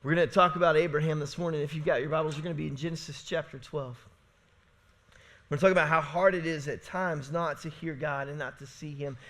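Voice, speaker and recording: A man, a pastor, preaching a sermon in a church in a conversational, storytelling way, often asking "right?" and swinging between loud, emphatic lines and hushed, low passages. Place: church sanctuary.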